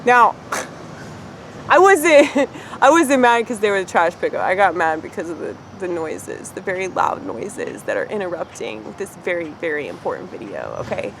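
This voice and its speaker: A woman's voice: medium pitch, big pitch swings, moderate pace, gravelly, a bit bright, slight background noise, low-quality recording. A woman vlogger delivering an arrogant, combative rant to camera, swearing freely and laughing at her own remarks. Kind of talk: ranting monologue to camera. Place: near a street with trash pickup passing.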